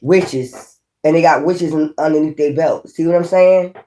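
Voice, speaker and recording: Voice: mid-range voice, normal speed, warm tone. Tarot reader, casual rambling delivery, heavy profanity, emphatic repetition. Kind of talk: casual tarot reading to camera.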